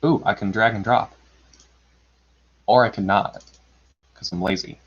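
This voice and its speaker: A man's voice: lowish voice, fairly even intonation, unhurried, slightly rough. A man hosting a live storybook reading, chatting casually and rambling as he narrates his own computer tasks, with self-deprecating chuckles. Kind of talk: casual livestream chat. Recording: dull lo-fi stream audio.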